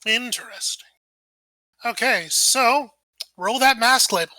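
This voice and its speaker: Woman game master, bright, halting and thinking aloud, dry sound. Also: a little high, no room sound. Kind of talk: narrating a tabletop game.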